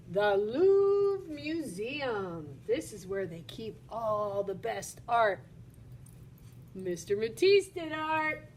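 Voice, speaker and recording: A woman teacher leads a children's video lesson in a bright, high voice, exclaiming and asking questions. She takes her time, slowing down to make each point clear. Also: slight background noise. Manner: bubbly and exclamatory, talks to kids.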